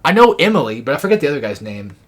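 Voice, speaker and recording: A man's voice: very animated, very fast, fairly bright tone. A young man chatting casually while playing a co-op game, retelling cartoon scenes with frequent laughs. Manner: rambling storyteller, laughing, quoting cartoon lines in high put-on voices. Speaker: co-op gamer. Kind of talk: casual chat while gaming.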